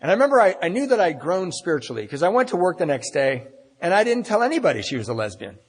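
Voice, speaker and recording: His voice sits high and very animated as this middle-aged man rattles through his recovery story at an AA meeting. He mocks himself and acts out the dialogue, and his husky tone echoes with long reverb through the meeting hall.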